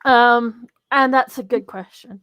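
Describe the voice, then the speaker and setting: A woman's voice: a little high, fairly even intonation, a little slow, fairly bright tone, clean tone, no room sound. A woman, a company co-founder telling a chatty, giggly story in an interview.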